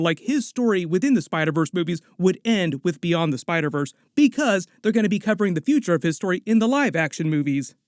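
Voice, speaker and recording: A man's voice: high voice, no echo, studio quality. A man hosting a movie news channel, talking casually and chatting directly to his viewers. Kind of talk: casual entertainment news commentary.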